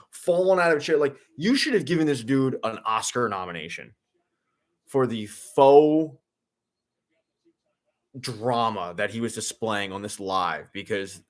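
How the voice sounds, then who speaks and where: A young man giving casual, sarcastic, deadpan commentary during a live sports watch-along, rambling with lots of "like". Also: medium pitch.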